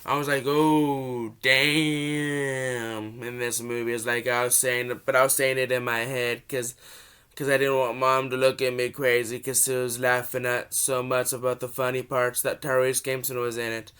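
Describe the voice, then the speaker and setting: Young guy with a cold rambling thru a movie review, smooth voice, kinda flat. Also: medium pitch, normal speed. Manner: rambling, restarts, excited gushing. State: has a cold.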